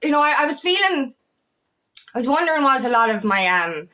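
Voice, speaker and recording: Woman coach, candid monologue, fairly high pitch, blunt and heated, swears freely. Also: sing-song, fairly quick, sharp tone. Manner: emphatic, swears often, raises voice. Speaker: empowerment coach.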